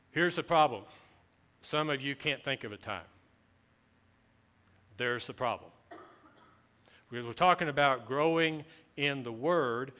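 A man's voice: mid-range voice, pushed and bright, clean tone. A man preaching a sermon to his congregation in a conversational way, asking them questions and repeating key phrases as his intensity builds. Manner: repetitive, building emphasis with rising intensity. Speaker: pastor.

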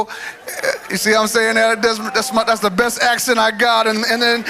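A man preaching a sermon in a church, telling his own story in a lively, chatty way and drawing in the congregation. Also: very high voice, moderate pace. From United States. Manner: animated, conversational, talks to the crowd. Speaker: guest preacher.

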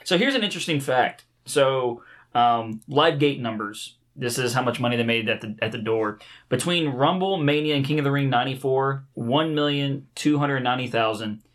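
Podcast co-host, adult man, loose and profane, quick to laugh. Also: mid-range voice, a bit bright. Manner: profane, laughing, reads out show statistics. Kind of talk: casual chat.

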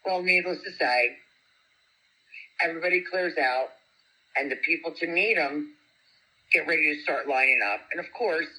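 A woman, a guest telling a story in animated, chatty talk. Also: sits low, moderate pace, pauses often, husky, rough recording. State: single parent. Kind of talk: casual storytelling chat.

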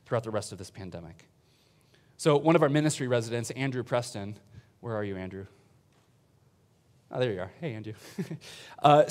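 A man's voice: mid-range voice, darkish tone. A male priest preaching a casual, chatty sermon to a congregation in a church. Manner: informal, chatty preaching with fillers and laughs.

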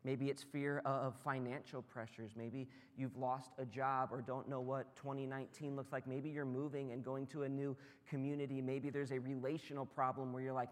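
A man in his thirties preaching a sermon, telling stories and acting out voices with lively energy. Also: medium pitch, normal speed, few pauses. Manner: animated storyteller, acts out dialogue in raised voice. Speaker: pastor. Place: church auditorium. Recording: church hall with long reverb.

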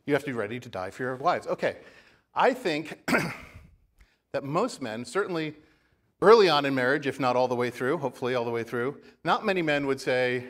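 Male pastor, mid-pitched, preaching a casual storytelling sermon in church. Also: big pitch swings, a little slow, pauses often, a bit bright. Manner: conversational storytelling with asides.

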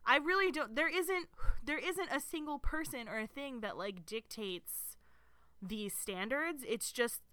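A woman co-hosting a podcast in casual, rambling chat full of restarts. Her voice is bright and smooth, and the recording is dry and close. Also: high voice, lively intonation, a little slow, no room sound. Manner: chatty, rambling with many restarts and "like". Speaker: podcast co-host.

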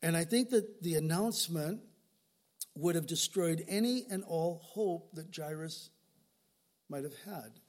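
A man's voice: on the high side, a little slow, a little mellow. An older male pastor preaching an earnest sermon, telling stories and often repeating words as he speaks. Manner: earnest, storytelling, repeats words when moved.

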